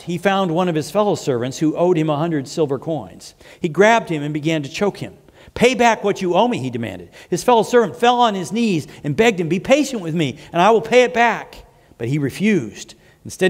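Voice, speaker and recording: A male pastor preaching a sermon, explaining scripture with asides and frequent restarts. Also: a little high. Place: church sanctuary. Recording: long hall reverb.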